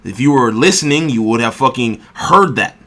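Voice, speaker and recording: A man's voice: medium pitch, lively intonation, normal speed, a bit bright. Irritated, swearing young man ranting. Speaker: gaming video creator. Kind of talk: ranting response commentary.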